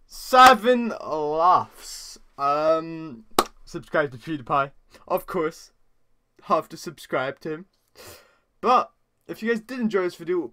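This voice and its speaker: A man's voice: on the high side, bright, forceful tone. Stammering teenage guy reacting to clips. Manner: stammering, repeats words, laughs often. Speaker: reaction video host. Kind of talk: casual reaction commentary.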